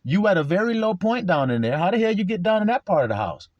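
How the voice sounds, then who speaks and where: A man delivers a sermon in a husky, slightly raised voice that rises and falls with lively swings. He talks bluntly, with plenty of swearing. The sound is close and dry. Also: sits high, fast, no echo, lo-fi sound. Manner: blunt and profane, acts out quarrels in voices. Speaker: preacher.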